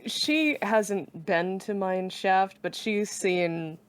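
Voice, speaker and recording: A woman's voice: mid-range voice, expressive, drawn-out words, smooth. A woman playing a tabletop game, casual, eager and blunt. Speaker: player.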